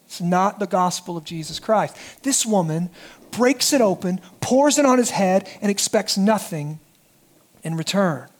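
Male pastor, very high voice, lively sermon delivery that drops to hushed emphasis. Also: a little slow. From United States. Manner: animated preaching, dropping soft for emphasis.

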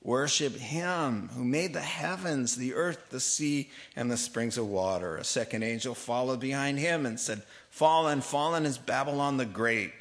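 Male pastor, mid-pitched voice, lively joking sermon delivery, reads scripture aloud. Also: moderate pace, hardly any pauses. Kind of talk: sermon Bible study.

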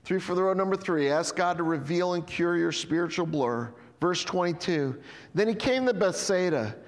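A man preaching a sermon with animated storytelling, acting out the people in the passage and chuckling as he goes. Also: high-pitched, normal speed, big-room sound. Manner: lively storytelling, acts out voices, chuckles. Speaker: pastor.

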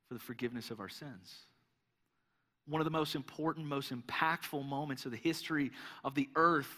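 A young man preaching a sermon, telling a story with lively energy and often repeating words as he starts a thought. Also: medium pitch. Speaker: pastor. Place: church hall. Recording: long reverb of a large hall.

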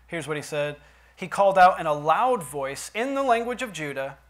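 A pastor delivers his sermon in a church, his voice sitting a little high for a man. He drops low for quiet asides, then swells loud on the lines he stresses. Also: expressive, moderate pace. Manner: preaching with big swings from quiet to loud emphasis.

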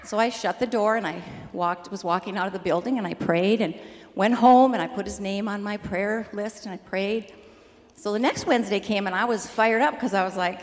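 An older woman shares a personal testimony, animated and quick to laugh. Her voice sits a bit high. The sound carries the long echo of a hall. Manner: lively, animated storyteller who laughs easily. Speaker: church member sharing a testimony.

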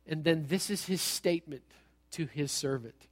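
A man's voice: on the high side, moderate pace. A man preaching a sermon in a church hall, telling a story with humor and acting out the characters. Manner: animated storytelling, acts out characters, jokey. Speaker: pastor.

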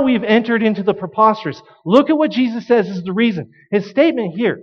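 A man's voice: high voice, brisk, few pauses, lo-fi sound. A man preaching a sermon, retelling a parable and acting out the voices of the people in it. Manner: storytelling, acts out quoted voices. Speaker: pastor.

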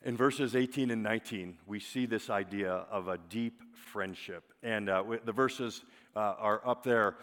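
A man preaching a sermon as pastor, emphatic, often dropping to a soft, drawn-out single word for weight. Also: fairly low pitch. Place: church sanctuary. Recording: long hall reverb.

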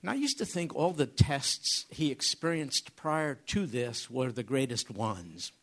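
Husky-voiced man preaching with lively pitch. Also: measured pace. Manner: dramatic, questioning the listeners. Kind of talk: sermon.

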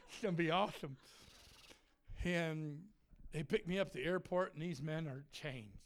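A man preaching with humor, telling self-mocking stories in an animated way and laughing often. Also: on the high side, normal speed. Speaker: traveling preacher and musician. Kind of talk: humorous sermon storytelling.

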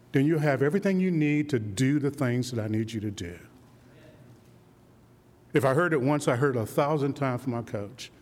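Animated preacher man in a reverberant hall. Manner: animated preaching, rhetorical questions, drops low and slow for quoted lines. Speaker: pastor. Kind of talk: sermon.

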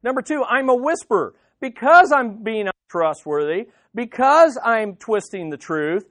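A man's voice: very high-pitched, lively intonation, measured pace, fairly bright tone, no room sound, studio quality, heavily acted. A man preaching, briefly playing gossip personified as a sly whisperer.

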